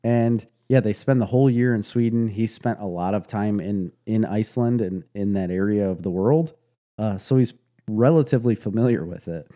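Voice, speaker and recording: A man chatting casually about a movie, retelling stories with animated laughs. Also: lowish voice, moderate pace. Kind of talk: casual movie review chat.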